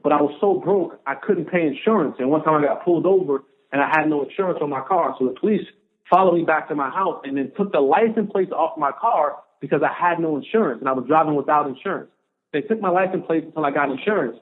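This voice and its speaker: A man in his thirties, a guest on a podcast, telling a personal story in an animated way and acting out the voices of the people in it. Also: a little high, quick pace. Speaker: podcast guest, former pro football player. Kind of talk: storytelling in an interview. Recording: narrow phone-like sound.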